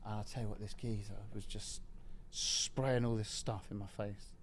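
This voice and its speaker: Lively, swearing storyteller, man. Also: lowish voice, normal speed, crowd noise. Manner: animated, swearing, laughing retelling. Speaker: podcast guest. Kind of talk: casual storytelling.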